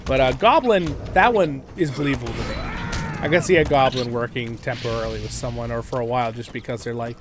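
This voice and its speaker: A man's voice: medium pitch, fast, over music. A man hosting a gaming livestream, chatting casually and rambling with many fillers and laughs.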